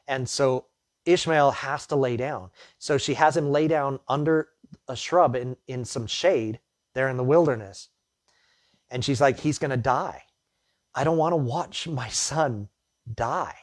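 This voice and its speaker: A man's voice: mid-range voice, darkish tone, no echo, clean studio sound. A man preaching a sermon as pastor, reading the Bible passage and then retelling the story in plain, conversational words with his own asides.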